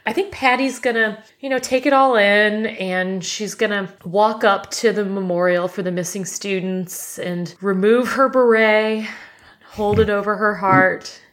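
A woman playing a tabletop game, casually describing her character's actions in a relaxed, easy-laughing way. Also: mid-range voice, unhurried.

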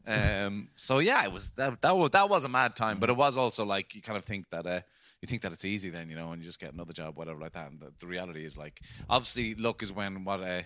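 A man's voice: sits low, lively intonation, fast talker, pushed and bright, no room sound. A man with a Cork accent, a podcast guest telling rambling theatre anecdotes in casual chat, with frequent swearing.

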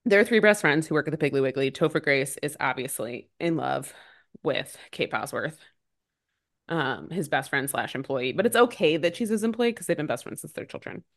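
A woman co-hosting a podcast, recapping a movie in casual chat with quick, sarcastic asides. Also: low voice. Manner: animated, sarcastic, fast recapping with many "like"s. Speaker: podcast co-host.

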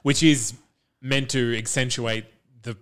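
A man's voice: medium pitch, fairly even intonation, fairly bright tone, clear, resonant tone. Wry man. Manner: dry, wry humour with measured asides. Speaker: podcast co-host. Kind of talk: casual group chat.

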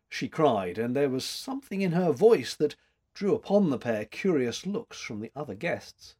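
A man narrating a chapter of a book in a measured, expressive way. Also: mid-range voice, breathy edge. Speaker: audiobook narrator. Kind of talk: scripted narration.

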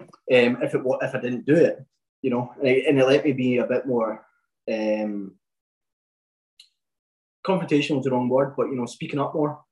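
A man's voice: mid-range voice, moderate pace, pauses often, a little mellow, rough recording. A man in his twenties talks casually as a podcast guest. He wanders through his story with plenty of fillers and false starts. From Scotland. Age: 20s. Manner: rambling, many fillers and restarts. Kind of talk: casual chat.

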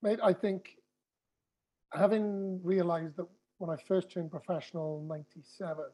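A man's voice: sits high, fairly even intonation, normal speed, warm tone. A man, a former pro rugby player chatting casually on a podcast and often restarting his sentences.

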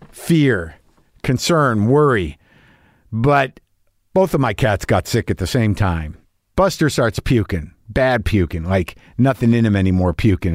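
A man's voice: mid-range voice, no room sound, clean studio sound. A middle-aged man hosting a podcast, talking in a profane, anxious, rambling casual monologue. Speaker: podcast host.

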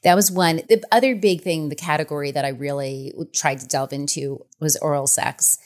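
A middle-aged woman speaking as an author and podcast guest, frank and animated, laughing often. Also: low-pitched, moderate pace. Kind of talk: candid podcast conversation.

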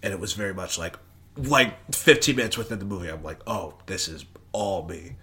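A young man co-hosting a casual podcast, talking in a playful, jokey, animated way. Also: deep voice, brisk. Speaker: podcast co-host. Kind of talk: casual chat.

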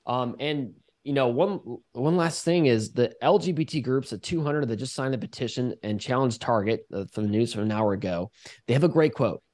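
A man's voice: mid-range voice, darkish tone. Guy guest talking earnest, stumbles and restarts a lot. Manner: earnest, halting, many restarts. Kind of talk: casual interview talk.

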